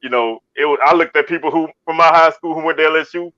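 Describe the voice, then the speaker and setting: Guy, kinda high voice, keeps repeating words, muffled dry audio. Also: fast talker, sharp tone, no room sound. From Baton Rouge, Louisiana. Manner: stumbling restarts, repeats words. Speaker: co-host. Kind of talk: casual chat. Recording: dull lo-fi dry sound.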